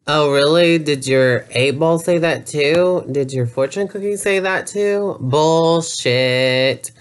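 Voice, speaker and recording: A man's voice: fairly high pitch, takes it slowly, hardly any pauses, smooth. A man doing a sarcastic comedy rant as a YouTuber, mocking and profane in a jeering way.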